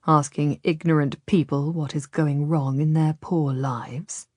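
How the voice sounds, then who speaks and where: A woman voicing a smooth, persuasive Ottoman nobleman who speaks quietly and gently in an audiobook. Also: low-pitched, fairly even intonation, measured pace, no room sound, pitched below the performer's own voice. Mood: coaxing, ominous.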